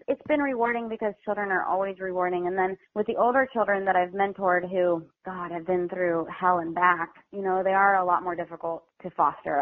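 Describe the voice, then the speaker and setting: A woman's voice: lowish voice, dry recording. A woman guest on a phone interview talking about fostering children, chatty and heartfelt, with lots of "like" and "you know". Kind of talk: casual interview over the phone. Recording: tinny phone line, dry.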